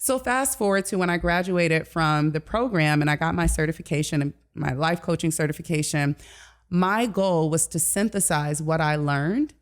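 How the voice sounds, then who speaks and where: A woman's voice: low-pitched, moderate pace. Give me a passionate woman from Detroit, life coach. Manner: animated, passionate storytelling. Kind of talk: casual podcast interview.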